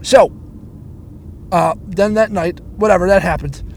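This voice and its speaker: This stand-up comic speaks at a measured pace in a high voice, with a little hiss or hum in the background. His story comes out as a furious, swear-filled rant full of stammers and repeats.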